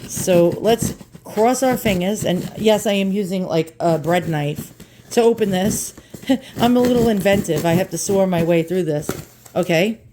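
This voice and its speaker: A woman's voice: medium pitch, a little slow, noisy background. Chatty New York woman unboxing. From New York, USA. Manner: chatty, blunt, jokey, swears casually. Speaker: vlogger. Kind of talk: casual unboxing chat.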